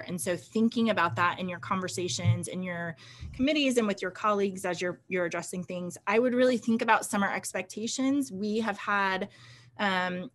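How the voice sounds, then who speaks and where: A woman hosting a podcast, chatting casually and retelling scenes with quoted voices. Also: medium pitch. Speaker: podcast host. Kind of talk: casual conversational chat.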